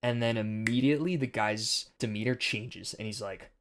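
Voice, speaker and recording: A man's voice: fairly low pitch, moderate pace. A young man hosting a casual film commentary monologue, earnest and preachy with a rambling delivery.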